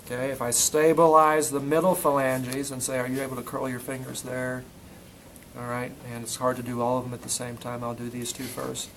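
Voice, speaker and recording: A man's voice: mid-range voice, flat delivery, fairly quick, a bit bright, slight background noise, poor audio. A male instructor teaching a classroom lesson, quizzing students as he demonstrates muscle testing on a volunteer. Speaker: physical therapy instructor.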